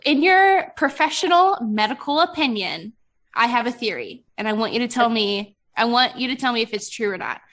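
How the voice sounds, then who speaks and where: A woman's voice: a little high, animated, moderate pace, a bit bright. A young adult woman hosting a podcast, chatting casually and expressively, with a loose, profane way of talking. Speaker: podcast host. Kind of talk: casual chat.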